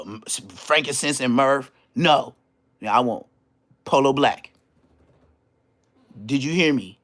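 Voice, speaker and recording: A man telling stories as a podcast guest, in slangy, animated casual talk full of restarts. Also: on the high side. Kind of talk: casual storytelling.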